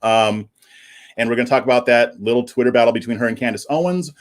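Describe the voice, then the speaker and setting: A man's voice: mid-range voice, fast. A man hosting a live stream in casual chat, plugging his channel and previewing the topics. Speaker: livestream host.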